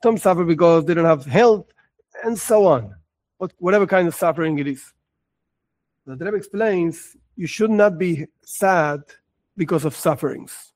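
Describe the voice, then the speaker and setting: A man with a high-pitched voice teaches a lesson on religious texts. He talks expressively, acting out small scenes and stressing points by repeating words. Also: moderate pace, a little mellow.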